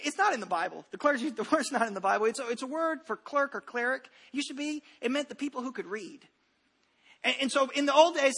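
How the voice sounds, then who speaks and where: A very high-pitched man in his thirties preaches a Sunday sermon from a church stage. His voice is bright and forceful, and he talks in a loose, conversational way, joking and restarting his sentences as he tells stories. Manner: conversational, humorous storytelling with frequent restarts. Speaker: pastor.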